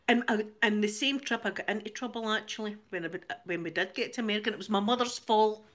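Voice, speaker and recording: A woman's voice: medium pitch, a little fast, a bit bright. A Scottish woman hosting her channel, telling a rambling story in casual chat, laughing often and repeating words as she goes. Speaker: channel host.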